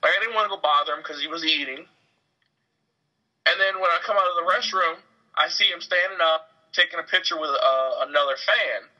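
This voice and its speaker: Animated young man telling stories. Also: on the high side, brisk. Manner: animated storyteller, acts out quotes. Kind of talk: casual chat. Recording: dull lo-fi webcam audio.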